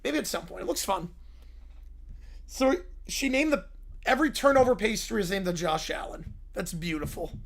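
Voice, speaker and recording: A man casually hosting a livestream, relaxed and reacting as he reads viewer messages aloud. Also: high voice, normal speed, vocal fry, long pauses. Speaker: livestream host.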